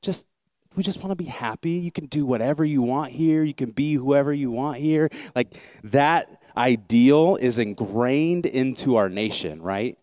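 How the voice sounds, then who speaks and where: An American pastor delivering a sermon in a relaxed, chatty way, full of fillers and restarts. His voice is smooth and clear, at a middling pitch. The sound is dry and close, with no room echo. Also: a little slow. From United States. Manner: casual, conversational, with many fillers and restarts.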